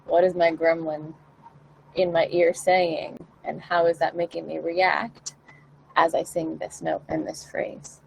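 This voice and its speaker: A woman's voice: low-pitched, little pitch movement, unhurried, vocal fry, slight background noise, rough recording. A woman vocal coach talking casually to camera, encouraging and acting out the questions singers should ask themselves. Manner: encouraging, acts out her own inner questions.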